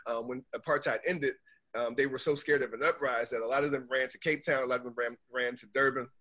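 A man's voice: mid-range voice, quick pace. A man from the United States, a podcast guest chatting casually and telling stories, acting out the people he quotes. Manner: animated storyteller, acts out quotes. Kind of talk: casual chat.

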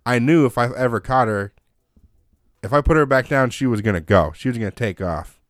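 A man's voice: medium pitch, a little fast, no echo, studio quality. Foul-mouthed man telling a story. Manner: profane, animated storyteller. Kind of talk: casual storytelling.

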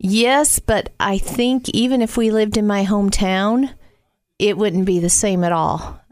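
A woman's voice: mid-range voice, measured pace, darkish tone, no echo. A middle-aged woman from the Midwest with a mild Southern accent, chatting casually as a guest and telling stories with little asides. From Northwest Indiana. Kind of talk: casual conversation.

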